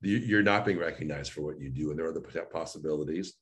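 A rumbling low voice at a quick pace belongs to a male voice and speech coach in an interview. Full of animation, he explains his sessions and enacts both sides of a coaching dialogue.

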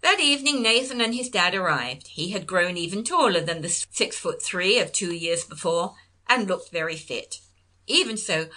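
A middle-aged woman, reading her own memoir story in a wry, gently humorous manner. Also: on the low side. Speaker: narrator.

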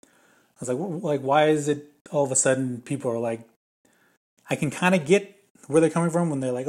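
A man's voice: on the high side, fairly quick, long pauses, darkish tone. Rambling young man talking casually. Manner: rambling, many fillers and restarts. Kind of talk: casual spoken movie opinion.

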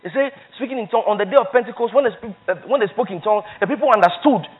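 A man's voice: high-pitched, rapid-fire, phone-quality sound. A man preaching a sermon as pastor, emphatic, repeating phrases for stress and reading scripture aloud.

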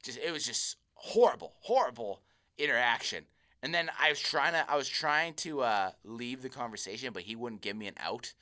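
A man's voice: medium pitch, animated, normal speed, pushed and bright. A young man co-hosting a podcast, telling rambling stories in casual chat and laughing often. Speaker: podcast co-host.

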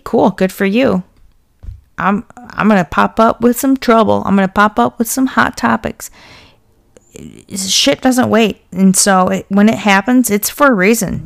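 A woman's voice: medium pitch, creaky. A young woman hosting a podcast who vents in a casual, blunt and profane monologue, getting fired up as she talks. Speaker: podcast host.

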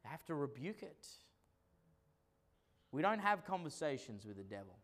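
A male pastor delivering a sermon in a high voice. He swings between booming declarations and quiet, conversational asides. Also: big pitch swings, normal speed.

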